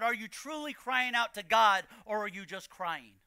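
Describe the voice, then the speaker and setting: High-voiced preaching pastor, sharp tone. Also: male voice, animated, moderate pace, clear, resonant tone, dry recording, clean studio sound. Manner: preaching with rising, shouted emphasis and repeated lines. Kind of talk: sermon. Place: church.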